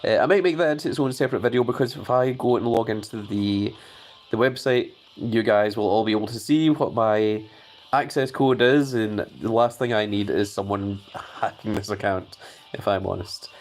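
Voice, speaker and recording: A man's voice: fairly low pitch, fairly even intonation, moderate pace, a little hiss or hum. A man hosting a live stream, chatting casually and reading viewer messages aloud.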